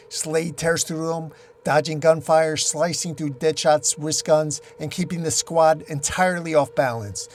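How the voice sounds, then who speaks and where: A man recaps a comic book issue in a dramatic, emphatic storytelling voice. His voice sits somewhat high for a man, with faint music under it. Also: fairly even intonation, unhurried.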